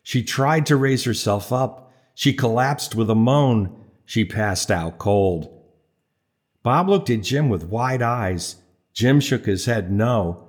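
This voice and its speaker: A man's voice: medium pitch, slow pace. A man narrating an audiobook in a wry, playful storytelling manner. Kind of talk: scripted narration.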